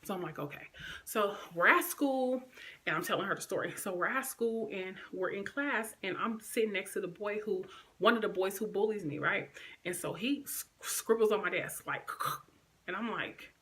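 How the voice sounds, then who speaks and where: A woman's voice: medium pitch, normal speed, pushed and bright, a little hiss or hum. A woman in her thirties, a vlogger telling a storytime to camera in a chatty, rambling way that speaks straight to her viewers. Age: 30s. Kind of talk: casual storytime chat to camera.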